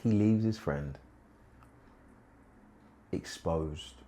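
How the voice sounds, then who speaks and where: A man teaching a Bible study, animated, swinging from hushed to loud with laughing asides. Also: sits low, extremely slow.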